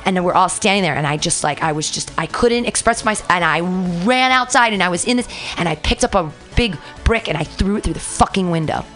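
A woman comedian talking in a casual podcast chat, loud and effusive as she tells stories. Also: lowish voice, fairly quick, hardly any pauses, soft background music. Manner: effusive, animated, loud storytelling. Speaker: comedian guest.

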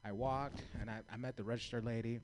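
Young man, stand-up comic, profane, rambling, laughs at own jokes, high. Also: steady tone, quick pace, a little mellow, a little hiss or hum. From Native American heritage. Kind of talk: stand-up comedy set.

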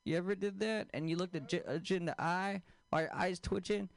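A man doing a stand-up comedy set, deadpan, with crude punchlines and questions thrown at the audience. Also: high-pitched, brisk, gravelly, no echo.

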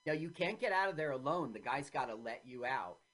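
Lively woman host, animated storytelling. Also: rumbling low, fairly quick. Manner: animated storyteller, acts out quotes in loud voices. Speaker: podcast host. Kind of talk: casual chat recapping an old film.

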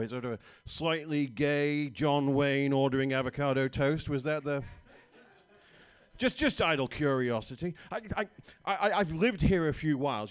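A man's voice: medium pitch, clear, resonant tone. A man from Britain with a British accent, performing a stand-up comedy set in a small bar, dry and self-mocking with stammering restarts.

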